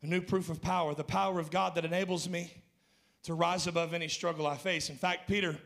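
A male pastor preaching an impassioned sermon in a church, rising to shouts and then dropping low. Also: steady tone, brisk, creaky.

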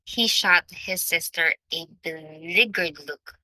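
A woman reading a novel aloud as audiobook narrator, in measured storytelling. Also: on the low side, pushed and bright, no echo, poor audio.

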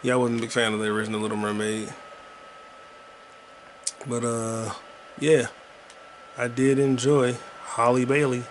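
A man rambles through casual, profane commentary while he plays a video game. His pitch sits in the middle of the male range. A faint hum runs underneath. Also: level tone, measured pace, pauses often. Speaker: podcast host playing a video game.

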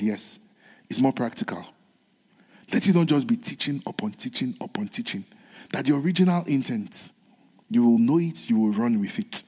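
A man preaching a sermon in an earnest way, repeating his phrases and moving between soft whispered lines and raised ones. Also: mid-range voice, husky. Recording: long hall reverb.

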